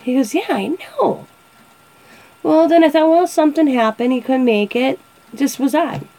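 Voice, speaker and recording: A woman's voice: high voice, normal speed, mellow, a little hiss or hum, poor audio. A woman in her forties hosting a casual show, chatting and telling funny family stories, often laughing and acting out what people said. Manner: chatty, laughs often, acts out quoted voices. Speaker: show host. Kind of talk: casual storytelling.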